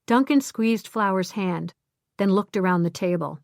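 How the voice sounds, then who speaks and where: A woman's voice: medium pitch, moderate pace, dry recording. Woman narrating an audiobook, dry and close. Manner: clear, even storytelling with character voices.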